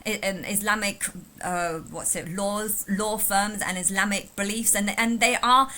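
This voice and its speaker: A woman's voice: medium pitch, fairly even intonation, measured pace, bright, forceful tone. A woman from England talking casually in a reaction vlog, rambling with frequent restarts and repeated words. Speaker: vlogger reacting to a video.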